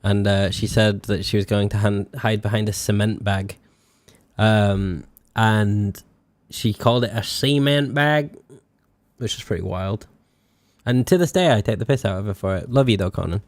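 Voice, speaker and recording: A man's voice: fairly low pitch, normal speed, dry recording. A young British man streaming a game in casual chat, self-mocking and sweary, stretching out words as he tries to spell them. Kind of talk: casual live-stream chat while playing.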